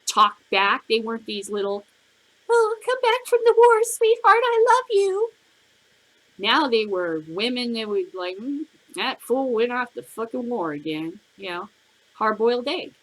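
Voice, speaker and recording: Blunt, profane woman ranting. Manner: blunt, profane, swings between shouting and low muttering. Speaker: podcast host. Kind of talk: ranting commentary.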